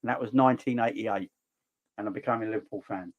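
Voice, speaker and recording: A man in his forties with a South East London accent, hosting a football livestream and ranting passionately between relaxed chat with viewers. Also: lowish voice, fast talker, muffled recording. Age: 40s. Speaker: football channel livestream host.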